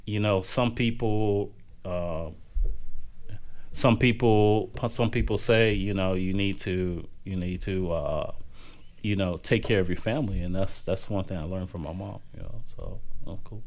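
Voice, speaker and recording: Relaxed Southern American man. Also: deep voice, measured pace. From Southern United States. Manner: relaxed, frequent restarts and swearing. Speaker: podcast co-host. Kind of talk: casual chat.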